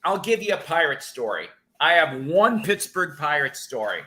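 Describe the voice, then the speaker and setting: A man's voice: a little high, very animated, normal speed, sharp tone. A man from the northern United States hosting a live stream, telling rambling anecdotes with frequent chuckles. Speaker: host of a record-collecting live stream. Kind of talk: casual storytelling chat.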